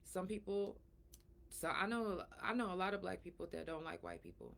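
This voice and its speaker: A middle-aged woman hosting her own podcast, talking frankly and emphatically, sore and breathy at times from a recent surgery. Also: on the low side, huge pitch swings, moderate pace, a bit bright. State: in pain after surgery, soft and breathy at times. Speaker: podcast host. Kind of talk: casual solo talk.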